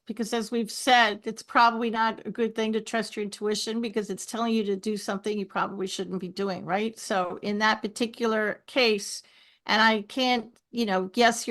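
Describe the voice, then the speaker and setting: A middle-aged woman, a podcast guest, telling stories with lively asides. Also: mid-range voice. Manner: animated storyteller, lively asides. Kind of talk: podcast conversation.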